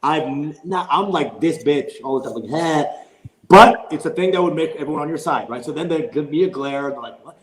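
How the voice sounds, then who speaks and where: A man's voice: a little high, brisk, few pauses, echoey room, rough recording. A man, a comedian, casually telling a rambling, profane story in a podcast conversation. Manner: rambling, profane, animated retelling. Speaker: guest comedian.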